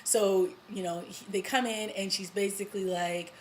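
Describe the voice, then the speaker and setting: Chatty woman excitedly recapping a TV episode. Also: medium pitch, moderate pace, slight background noise, rough recording. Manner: chatty and excited, full of you-knows and little laughs. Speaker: TV review vlogger.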